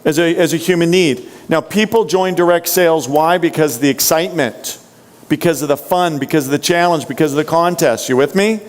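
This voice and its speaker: A man's voice: fairly high pitch, a little fast. Upbeat man coaching a crowd in a hall. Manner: punchy, full of rhetorical questions to the audience. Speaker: sales trainer. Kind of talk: motivational seminar talk. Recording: long hall reverb.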